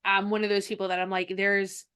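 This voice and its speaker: A woman's voice: mid-range voice, a little fast, clean tone. A woman hosting a podcast in casual chat, telling stories animatedly and acting out bits of dialogue. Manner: animated storyteller who acts out dialogue. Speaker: podcast host and author.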